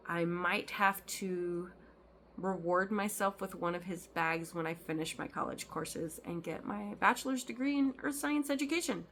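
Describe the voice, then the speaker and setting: A woman's voice: on the low side, moderate pace, fairly bright tone, slight background noise. A woman chatting casually as a cross-stitch vlogger, rambling with lots of ums and restarts. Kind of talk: casual chat.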